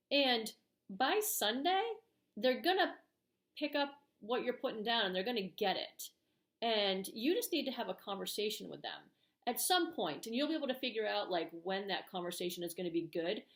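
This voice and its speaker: A woman's voice: on the high side, a bit bright, reverberant. A middle-aged woman hosting a parenting channel, giving casual advice to camera in a chatty way with many fillers, acting out what parents and kids might say. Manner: chatty, uses many fillers, acts out parent and kid lines.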